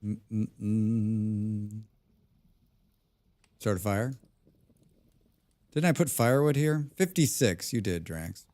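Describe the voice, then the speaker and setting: A man's voice: on the low side, drawn-out words, pauses often, darkish tone, no room sound. A man live-streaming a survival game, chatting casually with his viewers and repeating his own phrases. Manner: chatty, talks to himself and chat, repeats phrases.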